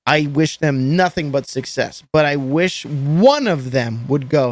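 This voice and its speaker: A man with a slightly high voice talks as a guest on a podcast, rambling in an animated way and swearing often. His voice is recorded close and dry, with almost no room sound. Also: a little slow, no room sound. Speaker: guest, metal band vocalist. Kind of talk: casual podcast chat.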